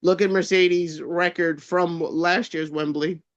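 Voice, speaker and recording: A man's voice: on the high side, steady tone, slow pace. A man co-hosting a podcast in casual wrestling chat, hesitant and stumbling over words, with crude jokes. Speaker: podcast co-host. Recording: dull lo-fi sound.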